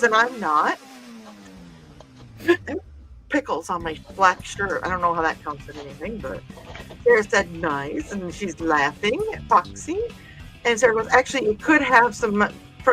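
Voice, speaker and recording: A woman's voice: mid-range voice, moderate pace, pushed and bright, faint music behind. A woman hosting a livestream in casual chat, reading viewer comments aloud and laughing often. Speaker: livestream host.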